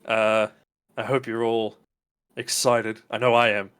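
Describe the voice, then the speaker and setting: A man's voice: lowish voice, level tone, unhurried, fairly bright tone, clean tone. Man as a polite doctor host, rambling, genial, tabletop game character. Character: genial male doctor hosting a dinner, fussy explorer.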